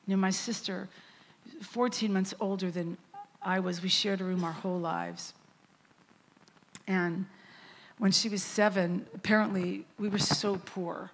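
A middle-aged woman, a guest worship leader, preaches a sermon and tells a story in a lively, conversational way, acting out the quotes. Her voice is medium-pitched and she speaks a little slowly with long pauses. A little hiss or hum can be heard.

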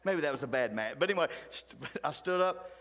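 A middle-aged man, a pastor telling folksy stories in a sermon, flaring loud, then dropping to hushed asides. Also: fairly high pitch, expressive, brisk. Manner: folksy, fiery, swings between loud outbursts and hushed asides. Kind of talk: animated storytelling sermon. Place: church sanctuary. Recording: church hall reverb.

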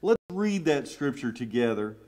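A man's voice: medium pitch, very animated, moderate pace, darkish tone. A middle-aged man with a Southern US accent, preaching a sermon in a church sanctuary with emotional, emphatic swells. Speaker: pastor.

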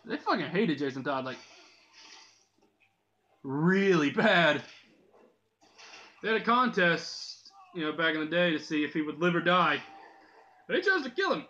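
A man's voice: a little high, sing-song, measured pace, pauses often, pushed and bright. Joking man from Dublin, lo-fi mic. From Dublin, Ireland. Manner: joking, profane, laughs often. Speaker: gaming channel host. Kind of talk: casual gameplay commentary. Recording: dull lo-fi mic with faint noise.

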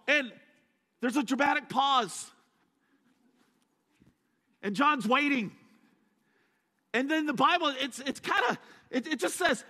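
A man's voice: very high voice, measured pace, long pauses, bright, forceful tone. A man preaching a sermon as a guest speaker, telling the story dramatically with joking asides. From USA. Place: church sanctuary. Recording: echoey church hall.

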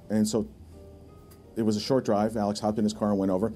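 A man with a lowish, mellow voice recounts memories of a friend at an easy, conversational pace. He restarts a few sentences as he goes. Soft music plays faintly underneath. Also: little pitch movement. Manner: anecdotal, halting restarts. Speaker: interviewee in documentary. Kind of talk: reflective storytelling.

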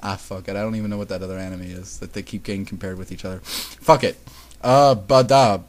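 A man's voice: deep voice, flat delivery, fast, slight background noise. Man, sarcastic fanfic reader, profane, stumbles over lines, home recording. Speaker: reader of fan fiction. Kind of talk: mocking dramatic reading with commentary.

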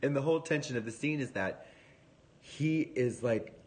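A man hosting a casual livestream, rambling and profane, telling a story in an animated way into a phone. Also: medium pitch, normal speed. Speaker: livestream host.

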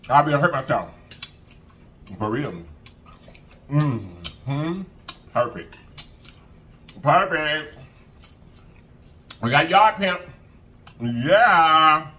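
Man, eating-show host, lively swooping pitch, unhurried, hums and mm-hmms, chatty. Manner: animated, savoring with hums and mm-hmms; chatty, calls viewers y'all and baby. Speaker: food vlogger.

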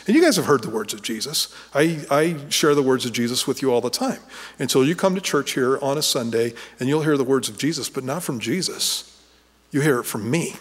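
A man preaching a sermon as pastor in a casual, conversational way, often restarting phrases and growing animated when he retells a scene. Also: medium pitch, big-room sound. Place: church sanctuary.

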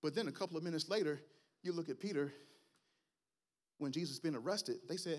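A man, preaching a sermon and telling his own story in an animated way. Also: a little high, fairly quick, pauses often. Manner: animated, storytelling, rising to shouts at climaxes. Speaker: guest preacher. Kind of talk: sermon with personal testimony.

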